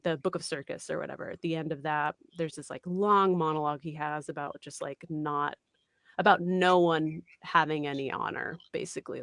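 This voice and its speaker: Voice actress guest, woman, 30s, lowish pitch, animated and chatty, dry close recording. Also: dry recording. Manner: animated, chatty, many fillers and laughs. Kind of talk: casual interview chat.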